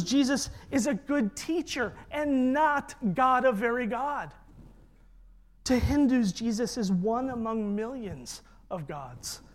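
A preacher giving an emphatic sermon and leading the congregation in call-and-repeat. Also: medium pitch. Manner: emphatic, leads congregation in repetition.

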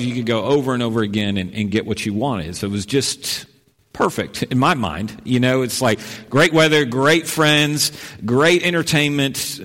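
A man preaching a sermon as a pastor, in a relaxed, conversational way, often repeating and restarting his phrases. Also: medium pitch, big-room sound.

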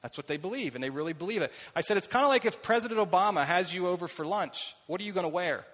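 His voice sits high and sounds animated and a bit bright, with a quick pace. This middle-aged man is a pastor giving a sermon, poking fun at himself in chatty personal stories, while a long hall reverb trails behind his words.

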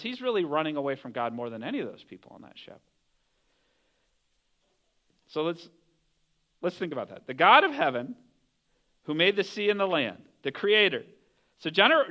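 A male pastor delivering a sermon in a high, lively voice with a bright edge. He tells the story animatedly, slipping into the voices of its characters. The recording sounds somewhat dull and lo-fi.

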